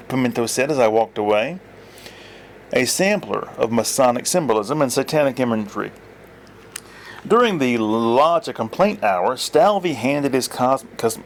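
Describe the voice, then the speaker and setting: A man's voice: brisk, slight background noise. Man reading his own fiction aloud. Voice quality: lively, voices many characters in raised pitch. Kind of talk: reading fiction aloud, first-person narration.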